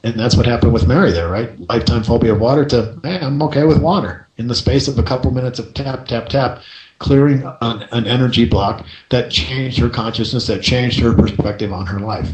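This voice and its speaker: On a coaching radio show, a man tells a story in a lively way, often checking in with the listener by asking "right?". His mid-range voice moves a little fast, and the low-quality recording sounds roomy.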